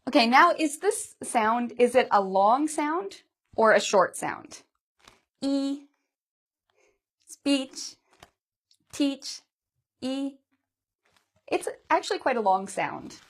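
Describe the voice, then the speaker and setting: A woman's voice: a little high, big pitch swings, measured pace, a bit bright, slightly rough. Patient woman teaching pronunciation. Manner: patient, asks learners questions and models sounds. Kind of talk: pronunciation lesson.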